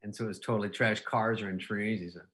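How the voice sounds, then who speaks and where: A man's voice: on the low side, fairly even intonation, quick pace, a bit bright. 50s guy comedian rambling thru funny stories, keeps cracking himself up. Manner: rambling anecdotes, laughs at his own stories. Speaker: comedian guest. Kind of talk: casual storytelling chat.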